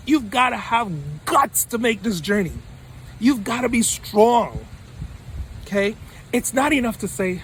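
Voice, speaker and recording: A man's voice: high-pitched, animated, measured pace, a bit bright, a little hiss or hum. A male mentor giving a motivational talk to camera, emphatic and repeating his points for punch. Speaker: study-abroad mentor.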